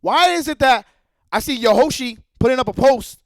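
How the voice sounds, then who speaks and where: High-voiced man ranting angrily. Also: lively intonation, normal speed, no echo. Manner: angry, profane, repetitive. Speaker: streamer. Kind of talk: heated rant.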